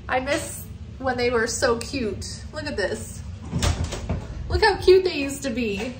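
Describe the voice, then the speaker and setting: A woman's voice: high-pitched, lively intonation, slow, noisy background. A woman filming a family vlog at home, scolding her child in an exasperated way and turning to the camera to comment. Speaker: parent filming family skits.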